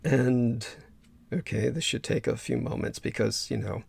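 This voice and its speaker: A man hosting a casual livestream chat, hoarse from losing his voice, talking haltingly with many fillers and restarts. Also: mid-range voice, a little mellow, slight background noise. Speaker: livestream host.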